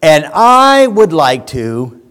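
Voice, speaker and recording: A man preaching a lively sermon in a church, animated, shouting at times as he acts things out. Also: on the high side, takes it slowly. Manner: animated, shouts when acting out a fan. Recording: church hall with long reverb.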